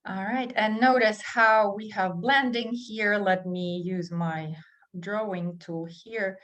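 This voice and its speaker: Slow, careful woman teaching pronunciation. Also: medium pitch, fairly bright tone. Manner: slow, careful enunciation for learners; switches between English and Russian explanations. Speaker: English teacher. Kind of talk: language lesson.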